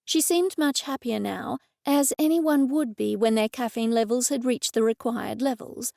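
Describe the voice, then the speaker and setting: Gravelly, close woman audiobook narrator. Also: a little high, moderate pace, hardly any pauses, dark tone, no room sound. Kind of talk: scripted first-person audiobook narration.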